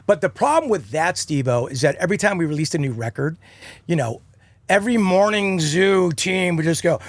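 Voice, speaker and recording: Man in his fifties, high lively voice, dry close sound, spins animated anecdotes. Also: fairly quick, dry recording. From United States. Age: 50s. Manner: animated, acts out quotes in funny voices. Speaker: podcast guest, rock singer. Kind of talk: casual storytelling.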